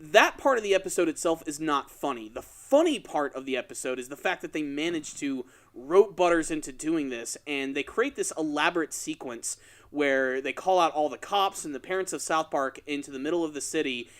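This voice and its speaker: A man co-hosting a casual podcast, retelling a story with lively energy and putting on quick voices for the characters. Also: fairly high pitch. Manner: animated storytelling, acts out quoted lines in exaggerated voices. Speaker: podcast co-host.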